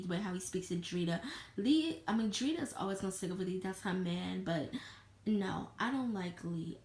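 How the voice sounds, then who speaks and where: Woman vlogger, mid-pitched, blunt and profane, echoey room. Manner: blunt, heated, swears freely. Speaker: vlogger reviewing a reality show. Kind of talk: casual opinionated review.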